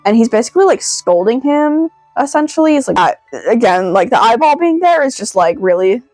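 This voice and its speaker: A woman giving a casual, excitable video review, rambling with many "like" fillers. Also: on the high side, a little fast, dry recording, faint music behind. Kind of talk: casual commentary.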